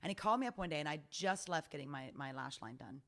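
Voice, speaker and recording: A middle-aged woman, an esthetician, chatting on a podcast and telling animated stories with acted-out voices. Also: deep voice, fast talker. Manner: chatty, animated storyteller who acts out voices. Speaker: guest esthetician. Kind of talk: casual podcast chat.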